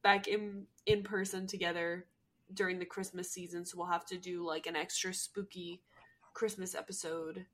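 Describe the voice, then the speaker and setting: A young woman from New Jersey co-hosts a podcast, chatting casually in a fairly low, flat voice that's a bit bright and moderately paced. She's giggly and chatty, packing her talk with "like" and other filler words.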